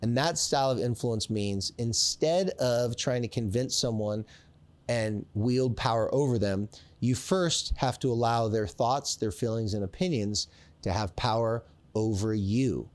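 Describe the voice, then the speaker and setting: A man hosting a therapy podcast, talking straight to fathers in an animated coaching manner and acting out little scenes. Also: mid-range voice, a little slow. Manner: coaching, direct address to dads. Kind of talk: podcast advice talk.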